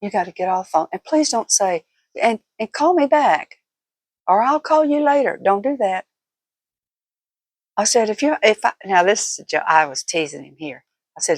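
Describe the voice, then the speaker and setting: An older woman with a drawl chats to her viewers in a folksy, storytelling way, laughing often as she goes. Her voice sits at a middle pitch for a woman. The recording is dry and close, with little room sound. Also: expressive, moderate pace, no echo. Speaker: vlogger. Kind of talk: casual storytelling vlog.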